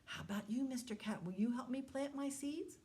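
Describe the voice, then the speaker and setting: A woman's voice: high-pitched, brisk, a little hiss or hum, pitched above the performer's own voice, lightly acted. Little Red Hen, as a woman voices her. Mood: pleading. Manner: bright, pleading, asking for help. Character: eager hardworking little red hen, female.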